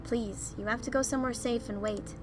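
A composed young man in charge, as a woman reads him gives orders evenly and steadily. Her own fairly high voice stays plain and controlled in this story game. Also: steady tone, brisk, noisy background, close to an everyday voice. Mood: calm. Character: calm, level-headed young male leader. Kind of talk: reading game dialogue aloud.

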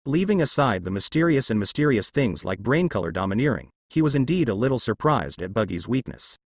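A man narrating a translated fan-fiction story at a steady, even reading pace. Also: mid-range voice, brisk, slightly rough, dry recording, studio quality.

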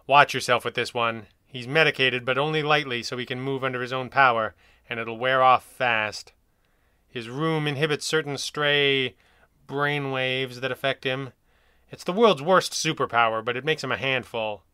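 A man's voice: medium pitch, fairly even intonation, moderate pace, sharp tone, clean tone, no room sound, studio quality, lightly acted. A man voicing a fretful, hesitant asylum official giving warnings. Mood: nervous.

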